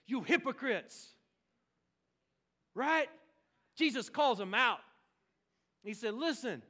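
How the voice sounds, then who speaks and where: Man, pastor, high-pitched, fiery storytelling sermon. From Oklahoma. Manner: fiery, storytelling, bursts of shouting.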